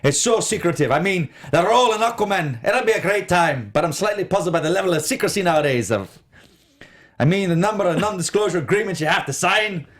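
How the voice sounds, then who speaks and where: A man's voice: high-pitched, animated, a little fast, fairly bright tone. A man doing a jokey impression of a bluff Scottish actor, rolling a broad, exaggerated mock-Scottish brogue for laughs. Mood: mock-grave. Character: over-the-top Scottish actor, bluff and jolly. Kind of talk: comic impression on a podcast.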